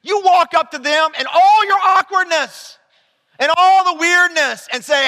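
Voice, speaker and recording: High, bright-voiced animated male preacher. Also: unhurried, big-room sound. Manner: animated, rising to near-shouts when excited. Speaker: pastor. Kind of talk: sermon.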